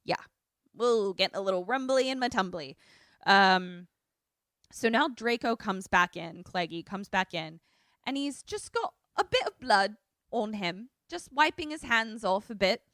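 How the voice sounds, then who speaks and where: Woman, podcast co-host, lively movie recap, dry close mic. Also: medium pitch, unhurried, dry recording. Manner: animated storytelling, swears freely, acts out quotes. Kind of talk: casual movie recap chat.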